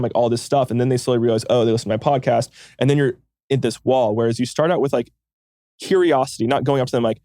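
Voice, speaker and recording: Fast-talking man, casual and profane. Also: medium pitch, mellow, dry recording, studio quality. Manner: fast, swears casually, acts out quoted dialogue. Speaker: podcast consultant, guest. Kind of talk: casual interview conversation.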